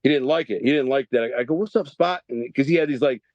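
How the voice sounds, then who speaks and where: A man's voice: mid-range voice, racing, a little mellow, dry recording, muffled recording. A middle-aged man from Detroit, telling a rambling story in a podcast interview and often restarting his sentences. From Detroit, Michigan. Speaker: podcast guest.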